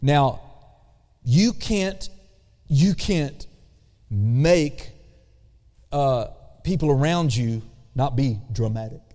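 Preaching in a sanctuary, a pastor speaks with a mid-range voice that is animated and mellow. He slows down to stretch key words and uses call-and-response. The recording echoes with long church reverb.

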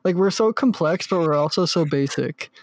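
A young man with a somewhat high voice chats in an easygoing way. He laughs along and agrees often. The recording is dry and close. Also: normal speed, no room sound. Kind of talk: casual chat.

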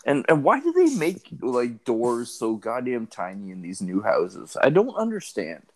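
A man's voice: medium pitch, huge pitch swings, a little slow. A man in crude casual chat, complaining with swearing and rising exasperation.

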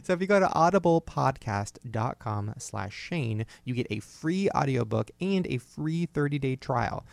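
Gravelly man hosting a chatty podcast. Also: normal speed, dry recording. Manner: animated storyteller, mimics people in high voices. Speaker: podcast host. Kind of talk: casual chat.

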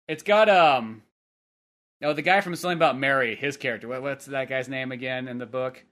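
A man hosting a podcast in casual chat, animated and laughing often. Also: mid-range voice, fairly quick. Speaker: podcast host.

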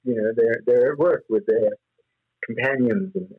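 A man's voice: medium pitch, lively intonation, moderate pace, slightly rough, narrow, tinny audio. A man as interview guest, telling rambling stories with frequent laughs and fillers. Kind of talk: anecdotal interview storytelling.

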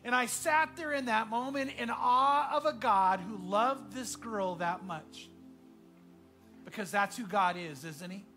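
A man preaching a sermon as pastor, telling a story earnestly and often dropping to a hushed voice. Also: high voice, a little slow, soft background music.

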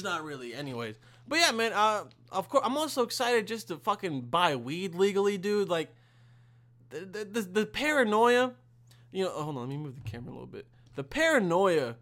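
Speaking to the camera on his own podcast, this young man's voice sits on the high side as he rants in a loose, profane, meandering style. Every so often he breaks into loud, exasperated outbursts.

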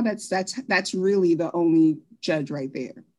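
A woman from Trinidad, chatting quickly and animatedly about her experiences. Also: on the low side. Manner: fast, animated storytelling with laughs. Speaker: co-host. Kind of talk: casual chat.

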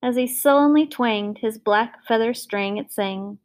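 Storyteller, female, slightly high voice; measured, expressive fairy-tale reading. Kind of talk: scripted storybook narration.

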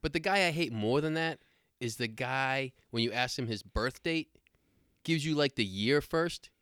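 A man's voice: medium pitch, normal speed, a bit bright, no echo. Rambling crude-humored man, dry mic. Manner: rambling storyteller with coarse humor, acts out other people's voices. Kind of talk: crude casual chat.

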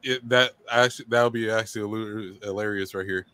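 A man's voice: fairly low pitch, steady tone, brisk, sharp tone, clean tone, no echo. A man co-hosting a podcast, retelling a scene in loose casual chat. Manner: loose storytelling, acting out quotes.

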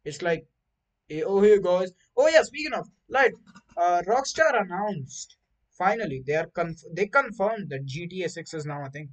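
A man hosting a casual podcast chat, rambling in an animated way and swearing freely. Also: sits high, moderate pace, rough recording. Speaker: podcast host.

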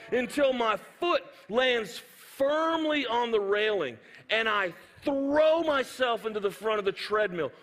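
A man preaches a sermon with animated storytelling, acting out scenes and sound effects as he goes. His voice sits high for a man, and a long hall reverb trails behind it. He speaks as the pastor addressing his congregation directly.

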